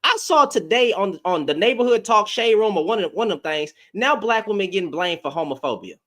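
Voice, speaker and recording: A man ranting in a casual, slangy reaction commentary, heated with loud bursts. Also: sits high, lively intonation, fairly quick.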